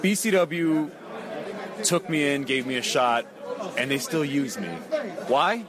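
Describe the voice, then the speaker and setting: A man's voice: a little high, expressive, slow. A man from the Bronx, a wrestler, answering post-match questions in an earnest, rambling way. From the Bronx, New York. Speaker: pro wrestler. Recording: crowd noise outdoors.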